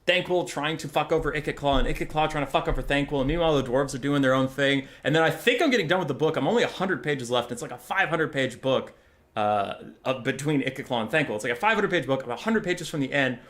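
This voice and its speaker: A young male streamer chatting casually over a game in a fairly high voice. His pitch swings all over as he gushes, with plenty of swearing mixed in. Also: fast. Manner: animated, swearing, gushing.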